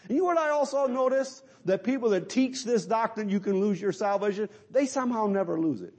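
A middle-aged male preacher delivers a sermon with a high, strongly rising and falling voice. He drives his points home emphatically and keeps asking his listeners questions. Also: lively intonation, fairly quick, a little mellow. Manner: emphatic, asks the congregation rhetorical questions.

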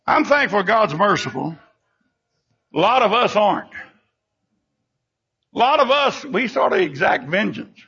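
Older male preacher, high husky voice, fervent sermon with swinging emphasis. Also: big pitch swings, measured pace, pauses often, pushed and bright. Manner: fervent preaching, sudden rises and drops in pitch and volume. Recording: dull lo-fi recording.

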